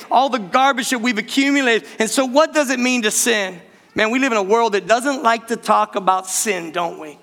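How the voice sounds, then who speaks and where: A middle-aged pastor delivers his sermon in a high, light voice. He preaches in a loose, conversational way, calling out to the church again and again. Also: moderate pace, a bit bright. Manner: conversational preaching with repeated direct address to the church.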